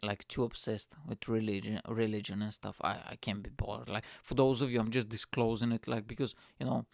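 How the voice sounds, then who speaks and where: A young man hosting a podcast, ranting in a profane, animated, casual comic style. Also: fairly low pitch, a little fast, vocal fry, dry recording, studio quality. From Bulgaria. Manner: profane, animated, lots of fillers. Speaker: podcast host.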